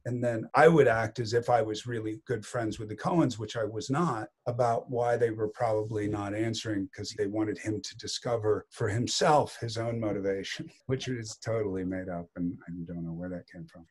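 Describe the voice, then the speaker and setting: Husky-voiced man telling stories. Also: on the low side, normal speed, hardly any pauses. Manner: animated anecdotes, quotes others in voices. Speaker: actor guest. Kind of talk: casual interview storytelling.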